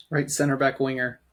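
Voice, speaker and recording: A man co-hosting a podcast, giving measured, slightly hesitant sports opinions. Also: medium pitch, a bit bright. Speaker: podcast co-host. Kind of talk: casual sports chat.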